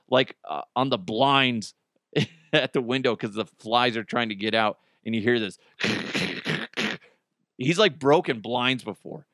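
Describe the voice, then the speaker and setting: A middle-aged man hosts a casual podcast, his medium-pitched voice fairly bright over clean studio sound with no room noise. He rambles and jokes, swearing freely and laughing often.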